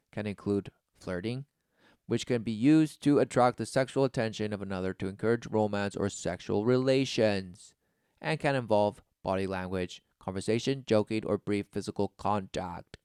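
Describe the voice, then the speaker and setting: A man's voice: on the low side, normal speed, a little mellow, clean tone, no echo, studio quality. A man giving preaching commentary, reading passages aloud and answering them with sarcastic, mocking remarks. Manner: reads study text aloud, then scoffs.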